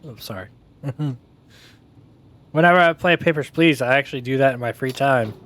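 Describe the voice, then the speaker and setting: A man's voice: medium pitch, normal speed, fairly bright tone. A man streaming a game, giving casual, self-mocking commentary as he thinks aloud.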